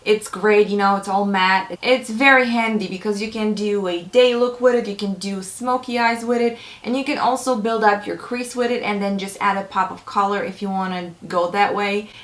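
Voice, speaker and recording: A woman's voice: mid-range voice, steady tone, normal speed, few pauses, roomy sound. A young adult woman chatting casually and enthusiastically to camera as a beauty vlogger, with lots of fillers. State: a little out of breath.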